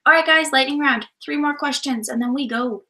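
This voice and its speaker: A woman with a high voice hosts a casual livestream. She reads out viewer questions and playfully teases her co-host. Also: a little fast, pushed and bright, rough recording.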